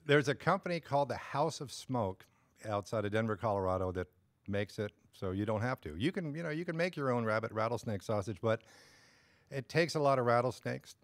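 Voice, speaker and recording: A man guesting on a studio talk show, relaxed and matter-of-fact with a dry sense of humor. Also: medium pitch, fairly quick, no room sound. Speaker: guest, cooking show host. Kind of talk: studio interview chat.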